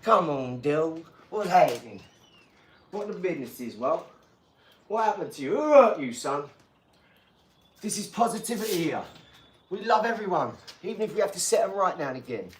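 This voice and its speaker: A man's voice: fairly high pitch, animated, moderate pace, husky. A man who is a father, rambling and boastful in casual live-stream chat, mixing in street slang. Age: adult father.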